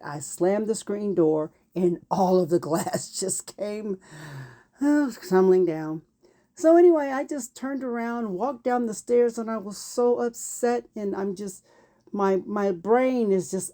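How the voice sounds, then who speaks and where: Animated woman telling a childhood story. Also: fairly high pitch. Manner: animated, acts out quotes. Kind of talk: personal storytelling.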